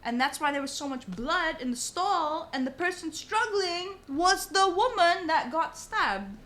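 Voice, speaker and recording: A young woman, a podcast guest, telling a story in casual chat, animated and swearing often. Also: extremely high pitch, a little slow. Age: young adult. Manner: animated, swears a lot, says "bro" often.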